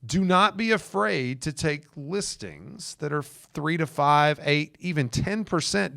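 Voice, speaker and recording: A man with a slightly high, creaky, fairly bright voice hosts a podcast coaching real estate agents. He gives casual advice in an emphatic way, speaking directly to listeners. The recording is studio quality with no echo.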